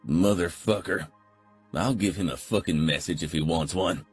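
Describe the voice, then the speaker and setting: A man voicing a furious older male biker club president who snarls and barks orders in a husky voice. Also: low voice, moderate pace, soft background music. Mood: snarling. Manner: snarling, barking orders, profane.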